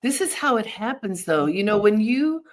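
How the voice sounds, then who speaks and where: A woman's voice: medium pitch, very animated, normal speed. A woman hosting an interview, affirming her guest and reflecting thoughtfully on what she hears. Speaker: talk show host.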